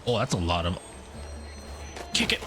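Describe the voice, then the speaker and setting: A man's voice: wildly swooping pitch, moderate pace, background noise. A man streaming a game, giving playful, casual commentary that is full of swearing. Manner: playful, swears often, swings his pitch.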